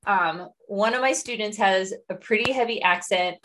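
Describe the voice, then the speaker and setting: A woman hosting a casual interview with a fellow teacher, relaxed and conversational as she asks open questions. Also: mid-range voice, normal speed, a little hiss or hum.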